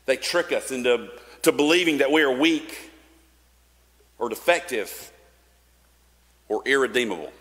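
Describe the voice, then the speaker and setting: A man's voice: mid-range voice, lively intonation, measured pace, long pauses, fairly bright tone. A man preaching a sermon in a casual, conversational way, with fillers and restarts. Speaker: pastor. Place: church sanctuary. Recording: long church reverb.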